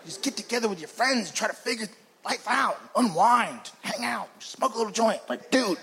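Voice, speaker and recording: A man doing a stand-up comedy routine in a club, profane and shouting his punchlines while acting out characters. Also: high voice, animated, normal speed, vocal fry. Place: comedy club stage with laughing audience. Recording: live club recording with crowd laughter and noise.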